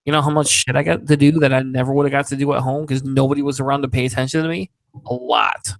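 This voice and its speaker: A man's voice: medium pitch, steady tone, quick pace, gravelly. A man hosting a podcast, telling stories in casual, profane chat and laughing often. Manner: profane, rambling, laughing storyteller. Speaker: podcast host.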